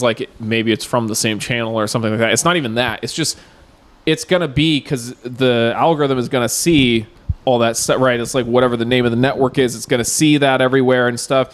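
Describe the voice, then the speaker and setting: A man co-hosting a podcast in casual chat, rambling and laughing often, his pitch jumping up when he gets excited. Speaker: podcast co-host.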